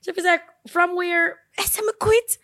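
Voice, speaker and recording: A woman's voice: very high voice, normal speed. A woman co-hosting a podcast, chatting and laughing while she acts out the voices of people in her stories. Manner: lively and laughing, drops into quoted voices. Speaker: podcast co-host. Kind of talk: casual chat.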